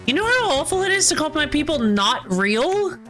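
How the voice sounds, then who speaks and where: A woman voicing a paranoid conspiracy ranter in a game, loud, theatrical and accusing. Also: high-pitched, big pitch swings, normal speed, soft background music, pitched above the performer's own voice, low-quality recording. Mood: ranting. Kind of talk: voicing game characters on stream.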